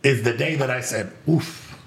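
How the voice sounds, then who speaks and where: A man telling a story in casual chat, animated and profane, acting out voices as he goes. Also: medium pitch, moderate pace, creaky, roomy sound. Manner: animated storyteller, acts out voices, swears freely. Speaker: podcast guest telling stories.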